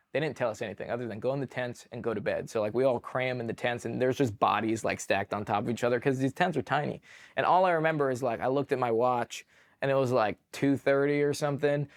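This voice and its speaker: Man, young adult, from California, interview guest, casual storytelling, mid-pitched voice, fillers, acts out shouts. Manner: animated, acts out shouted quotes, many fillers. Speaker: podcast guest, army veteran.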